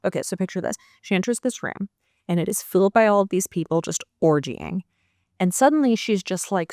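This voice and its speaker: A woman's voice: mid-range voice, no echo, clean studio sound. A woman host giving a sarcastic, chatty book recap, full of filler words. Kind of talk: casual book recap chat.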